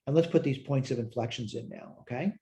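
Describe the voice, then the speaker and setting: Brisk and dark-toned, a tired man with a mid-range voice teaches a recorded math lecture. As he works problems he thinks out loud, corrects himself, and answers his own questions.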